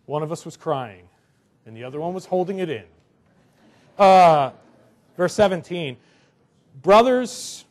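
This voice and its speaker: High-voiced man preaching a casual sermon. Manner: conversational, animated, joking asides. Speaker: pastor.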